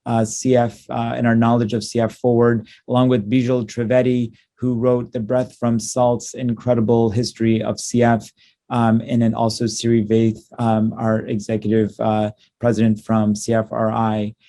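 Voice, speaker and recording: Male clinician presenter, mellow voice, hesitant delivery with frequent fillers, conference talk. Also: medium pitch, monotone. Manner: halting, many ums and uhs, warm and upbeat.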